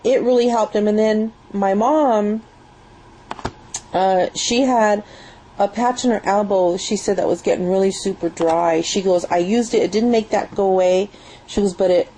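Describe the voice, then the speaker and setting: A woman's voice: medium pitch, dark tone, a little hiss or hum, rough recording. A young woman chatting enthusiastically at home in a rambling product review, recorded on a built-in webcam mic. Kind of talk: casual spoken product review.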